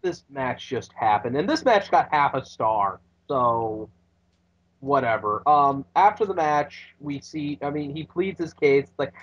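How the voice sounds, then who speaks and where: A man's voice: mid-range voice, animated, measured pace, a bit bright, husky. Laid-back man on a dull lo-fi mic. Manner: laid-back, hesitant, lots of fillers. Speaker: podcast co-host. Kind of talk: casual wrestling recap chat.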